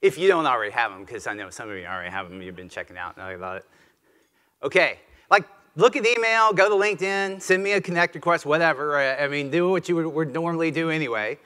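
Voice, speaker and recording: Southern man giving a lively keynote. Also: on the high side, fast talker, clear, resonant tone. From Mississippi, US. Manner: conversational, animated, self-deprecating. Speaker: keynote speaker, retired general. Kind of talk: conference keynote speech.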